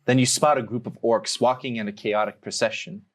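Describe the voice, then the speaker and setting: A man running a tabletop game as game master, narrating the scene with lively energy. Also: mid-range voice, brisk.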